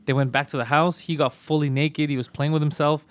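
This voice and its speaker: Fast-talking, slightly high-voiced male podcast host. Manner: animated, profane, rapid storytelling. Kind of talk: casual podcast storytelling.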